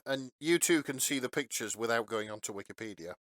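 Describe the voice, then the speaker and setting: A man co-hosting a casual podcast chat, lively and quick to laugh. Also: medium pitch, no room sound, studio quality. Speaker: podcast co-host.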